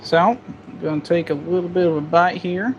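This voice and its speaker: A man's voice: high voice, moderate pace, lo-fi sound. A young man hosting a casual vlog, joking and chatting while he eats, with a faint hum in the background. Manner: laid-back, jokey, talks while eating. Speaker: gun channel host. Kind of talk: casual cooking vlog chat.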